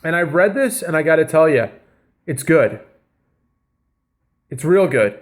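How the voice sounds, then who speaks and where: A man's voice: on the high side, animated, a little slow. A man giving casual reaction commentary on his comedy vlog, rambling and enthusiastic with lots of fillers. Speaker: comedy vlogger reviewing news.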